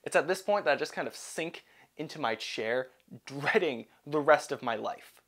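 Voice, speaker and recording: A young man narrating a personal story in an animated, self-deprecating way. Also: fairly high pitch, moderate pace.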